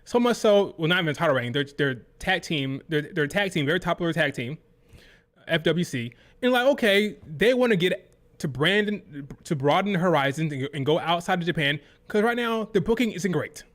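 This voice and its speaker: A man hosting a live reaction stream, his voice sitting a touch high. He rants hotly and swears freely, sounding fed up as he answers his chat. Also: expressive, moderate pace, fairly bright tone. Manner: heated, profane, exasperated ranting. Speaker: livestream host.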